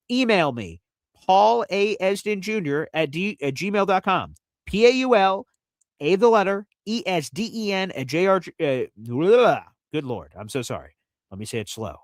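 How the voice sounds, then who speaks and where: A man's voice: high voice, no echo. A man hosting a live fan show in casual talk, chatty and enthusiastic, explaining things step by step. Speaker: host of a fan radio show.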